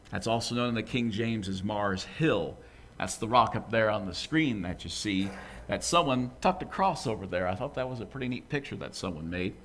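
A man preaching a sermon in a church, conversational and animated, with frequent asides to the congregation. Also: mid-range voice. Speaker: pastor.

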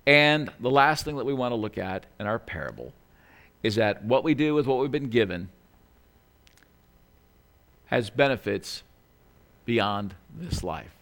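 Very animated yet unhurried, this pastor preaches in a mid-range, slightly bright voice and pauses often. His sermon is conversational, with asides and self-corrections, and he occasionally performs quoted lines in a small, pleading voice.

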